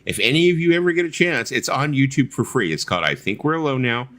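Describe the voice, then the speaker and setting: A man's voice: mid-range voice, lively intonation, a bit bright. A man co-hosting a casual late-night stream chat, swearing freely and laughing as he talks. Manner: profane, laughing, does quick impressions. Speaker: co-host.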